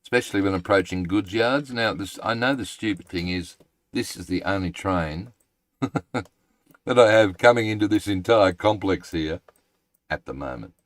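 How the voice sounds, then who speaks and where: A man streaming a game live, thinking aloud in a halting, rambling way and chatting to his viewers. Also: low-pitched, no room sound.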